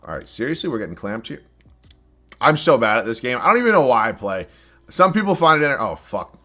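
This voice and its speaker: Young male gaming YouTuber, lively swings in pitch, quick to erupt and curse, self-mocking. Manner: swears often, frustrated outbursts, self-deprecating. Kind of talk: live gameplay commentary.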